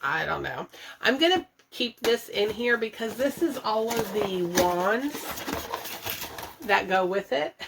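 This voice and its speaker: A woman with a mid-range, creaky voice speaks very animatedly but slowly as she vlogs for her viewers while organizing her bathroom, chatting, thinking aloud and laughing often. She is a budget and declutter vlogger, recorded at home in her bathroom on a nearby camera that gets moved around. The background is noisy.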